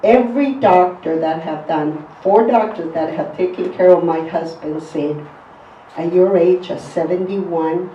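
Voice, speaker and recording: A woman's voice: on the low side, unhurried, a little hiss or hum. A woman giving an earnest, emphatic personal faith testimony. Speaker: testimony speaker. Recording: echoey, distant, dull recording.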